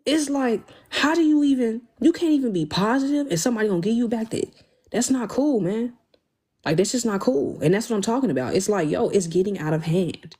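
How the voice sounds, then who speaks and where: Husky-voiced woman ranting on a livestream. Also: fairly high pitch, brisk. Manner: animated, emphatic, slangy, reads and thanks viewers. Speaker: livestream host. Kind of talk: casual livestream talk.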